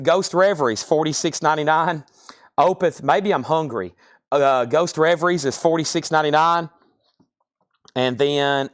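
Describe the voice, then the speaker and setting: A man's voice: a little high, no room sound, studio quality. Chatty man running a live record sale. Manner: chatty, reads prices, rambles between items. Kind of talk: live-stream sales patter.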